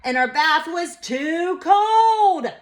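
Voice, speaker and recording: A cranky little storybook girl, put on by a woman reading aloud, whining and yelling in a high voice. She stretches her words out slowly. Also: full character voice. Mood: whiny. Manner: whiny, yelling. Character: cranky defiant little girl having a bad day.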